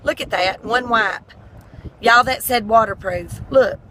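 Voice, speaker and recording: A woman's voice: a little high, a little slow, pushed and bright, a little hiss or hum, rough recording. A middle-aged woman, chatting in a folksy, heartfelt way. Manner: folksy and heartfelt, tearful at times. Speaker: vlogger. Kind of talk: casual chat.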